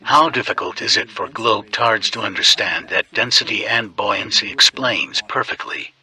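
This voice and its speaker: A man's voice: lowish voice, normal speed, sharp tone, a little hiss or hum, rough recording. A man reading a sneering scripted voice-over.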